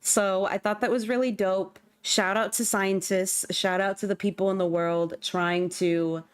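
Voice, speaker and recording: A woman's voice: mid-range voice, steady tone, unhurried, smooth, no room sound, clean studio sound. Young female streamer, bubbly casual chatter, mid-range voice. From California. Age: young adult. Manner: bubbly, chatty, breaks into squeals and gasps. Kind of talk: casual livestream chat while gaming.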